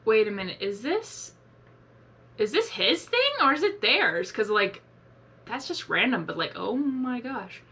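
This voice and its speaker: A woman hosting a casual live reaction video, talking excitably and rambling with many exclamations. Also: on the high side, measured pace.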